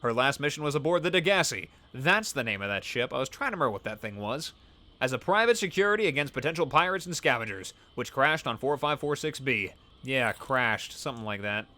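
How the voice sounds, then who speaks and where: A man's voice: mid-range voice, lively intonation, fairly quick, pushed and bright. A man playing a survival video game and commenting casually, reading on-screen scan texts aloud. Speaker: let's play host. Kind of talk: gameplay commentary.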